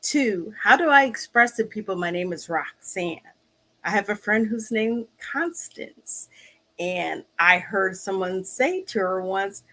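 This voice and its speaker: A woman talking casually to her viewers, slow and searching, often restarting her sentences. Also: mid-range voice, a bit bright. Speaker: vlog host. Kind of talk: casual personal talk to camera.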